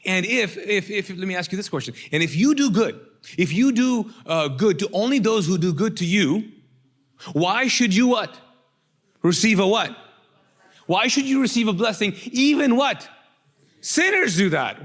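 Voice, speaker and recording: A middle-aged male pastor preaching a lively sermon, asking the congregation to call out answers. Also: high-pitched, moderate pace. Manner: lively, rhetorical, drawing call-and-response from the congregation.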